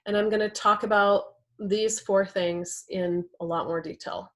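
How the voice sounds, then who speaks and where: A young adult woman leads a class on communication, speaking in a relaxed, chatty way. She peppers her points with "right?" and "like". Her voice sits at an everyday middle pitch. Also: a little slow. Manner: conversational, uses "right?" and "like" often. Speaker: workshop instructor. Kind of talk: teaching a class.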